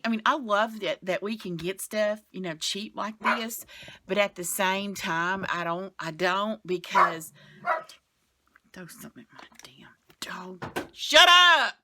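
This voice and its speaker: A woman's voice: mid-range voice, unhurried, pushed and bright, a little hiss or hum. A middle-aged woman, vlogging from her bed in a frank, rambling chat that trails off and comes back with sighs. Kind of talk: casual chatty vlog. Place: bedroom, sitting on the bed.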